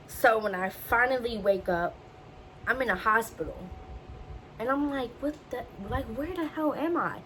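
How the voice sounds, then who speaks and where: A woman's voice: on the high side, a little hiss or hum, rough recording. Chatty young woman telling a story. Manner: chatty, animated, acts out quotes. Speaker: vlogger. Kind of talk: casual storytelling.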